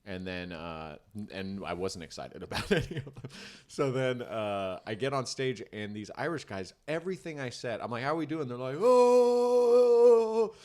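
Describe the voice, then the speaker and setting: A man's voice: lowish voice, moderate pace. A man co-hosting a comedy podcast, telling a stand-up story in casual, swearing chat and acting out voices. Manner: animated storyteller, acts out crowd voices, swears freely.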